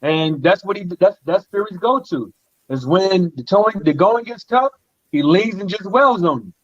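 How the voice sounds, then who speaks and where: Casting note: man, high pitch, laid-back and teasing, dull lo-fi sound. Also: expressive, moderate pace. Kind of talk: casual chat. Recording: dull lo-fi audio.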